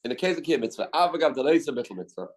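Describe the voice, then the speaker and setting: A man's voice: a little high, sing-song, very fast, rough recording. A man teaching a Talmud class as a rabbi, reasoning aloud and repeating his key questions. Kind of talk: Talmud study lecture. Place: study hall.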